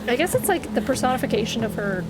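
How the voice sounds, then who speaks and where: A woman streaming a game and reacting out loud in a high, bright voice, quick to swear and to laugh. Game music plays clearly underneath her commentary. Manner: expressive, swears, laughs often. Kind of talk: live gameplay commentary.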